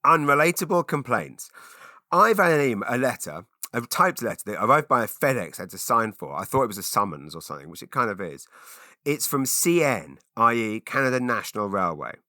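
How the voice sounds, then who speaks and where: A man rambles through a solo podcast, making self-mocking asides and restarting his sentences. His voice is bright and forceful, recorded close and dry with no room sound. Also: fairly low pitch, sing-song, brisk, dry recording. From Britain. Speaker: podcast host. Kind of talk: casual solo podcast monologue.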